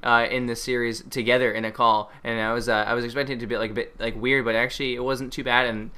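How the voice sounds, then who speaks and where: Bright, quick young man chatting casually. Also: medium pitch, flat delivery, clear, resonant tone. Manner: laughs a lot, self-deprecating. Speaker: co-creator guest. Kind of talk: casual behind-the-scenes chat.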